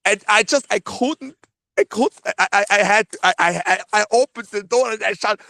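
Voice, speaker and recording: Halting Swiss German-accented man on a call. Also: sits high, creaky, sharp tone, no echo. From Switzerland. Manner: halting, many fillers and restarts, laughs often. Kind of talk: casual phone call debrief. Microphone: phone.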